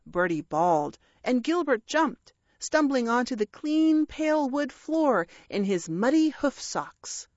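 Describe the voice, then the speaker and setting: Slow, wry woman narrating a story. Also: high-pitched, sing-song, darkish tone, dry recording, highs cut off. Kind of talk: audiobook narration.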